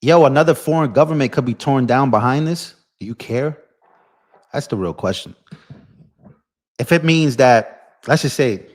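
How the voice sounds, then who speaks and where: A young man hosting a political live stream, ranting in a heated, impassioned way and talking straight to his viewers. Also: medium pitch. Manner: impassioned, ranting, addresses viewers as bro and y'all.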